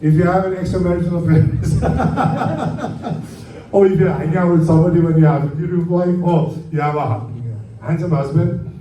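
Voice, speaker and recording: A man lectures a class on flying, quizzing his students with rhetorical questions. His voice is mellow and dark yet fairly high, and it comes from some distance across an echoey room with a faint hum behind it. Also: normal speed. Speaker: aviation instructor.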